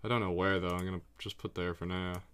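A man streams himself playing a geography guessing game, chatting casually and excitably to his viewers and himself and swearing freely. His deep voice has a clean tone and a quick pace.

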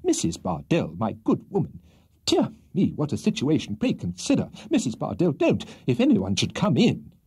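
A man voicing a kindly, flustered elderly gentleman in a storybook reading, with a genial, fussy, exclaiming manner. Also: mid-range voice, wildly swooping pitch, moderate pace, breathy edge, voice pushed up, full character voice.

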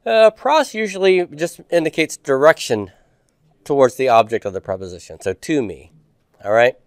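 Smooth-voiced man teaching Greek. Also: mid-range voice, lively intonation, moderate pace, no room sound, clean studio sound. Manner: quizzing students with questions, patient. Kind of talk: classroom homework review.

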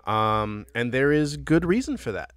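A man hosting a casual movie review podcast, playful and animated, often laughing as he talks. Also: mid-range voice, measured pace, clear, resonant tone, no echo. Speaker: podcast host and bartender.

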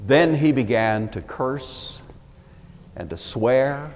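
A man's voice: mid-range voice, animated, slow pace, big-room sound. A man from the Pacific Northwest giving a Bible study lecture, emphatic and wry, with conversational asides. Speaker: Bible teacher.

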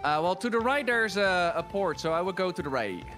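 A man's voice: sits high, lively intonation, a little fast, a bit bright, soft background music. A man streaming a video game with friends, joking in a laid-back, casual way. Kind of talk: casual gaming chat.

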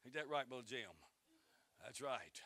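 A man preaching a revival sermon in a church, who climbs to shouting and calls for responses from the congregation. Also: medium pitch, normal speed, dry recording. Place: church sanctuary.

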